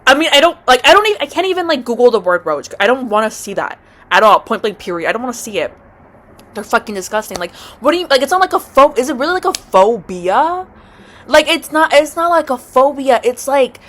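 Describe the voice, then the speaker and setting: A woman's voice: sing-song, quick pace. Profane, dramatic woman ranting. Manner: dramatic, swears constantly; swings from loud outbursts to low mutters. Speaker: vlogger. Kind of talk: storytime rant.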